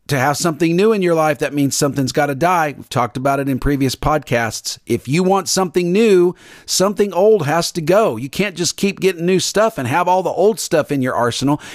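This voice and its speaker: Earnest preacher on a podcast. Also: male voice, high voice, expressive, brisk, no echo, studio quality. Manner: earnest, repetitive, acts out panicked voices. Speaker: pastor podcast host. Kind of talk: devotional podcast sermon.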